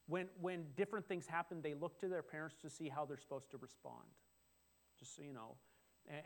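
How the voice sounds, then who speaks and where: A middle-aged man preaching a sermon, talking in a conversational way with restarts and sudden excited exclamations. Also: a little high. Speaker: pastor.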